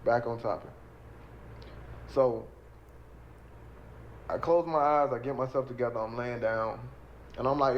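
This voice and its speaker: A man's voice: mid-range voice, fairly quick, pauses often, highs cut off, a little hiss or hum. A man telling his own story in casual talk, acting out what others said and repeating lines for emphasis. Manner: animated, acts out quoted voices, repeats phrases for emphasis.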